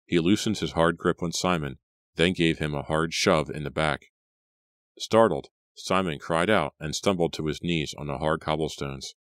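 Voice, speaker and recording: A man reading a horror audiobook in a measured, steady narration. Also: rumbling low, no room sound, studio quality. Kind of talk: scripted narration.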